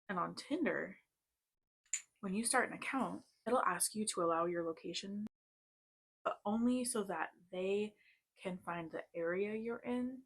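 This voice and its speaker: A woman's voice: lowish voice, husky. A woman in her thirties telling a personal story in a casual, chatty way, full of "like" and tense asides. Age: 30s. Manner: chatty, lots of "like", tense retelling. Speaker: vlogger. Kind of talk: casual storytime while doing makeup.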